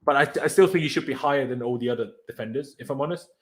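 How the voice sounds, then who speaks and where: A man hosting a casual fan chat over a video call, laid-back and trailing off softly at the ends of his sentences. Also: medium pitch, very fast. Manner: relaxed, laid-back, often trails off quietly. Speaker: podcast host leading player ratings.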